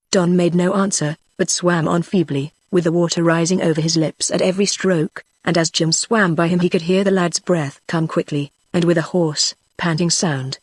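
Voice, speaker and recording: A synthetic woman's voice reading a novel aloud, with an even, steady machine delivery. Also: on the low side, normal speed, few pauses, no room sound. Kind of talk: text-to-speech audiobook narration.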